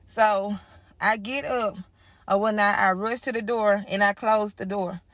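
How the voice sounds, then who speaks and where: A woman's voice: mid-range voice, fairly even intonation, a little slow, fairly bright tone, no room sound, clean studio sound. A woman telling her own story in casual storytime style, chatty and repetitive, talking straight to her listeners. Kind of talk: casual first-person storytime.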